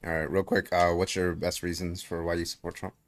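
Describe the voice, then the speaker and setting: A man's voice: low-pitched, level tone, brisk. A man hosting a livestream debate show, talking in a brash, hyped and profane way, greeting viewers and questioning guests. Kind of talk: casual livestream chat and debate.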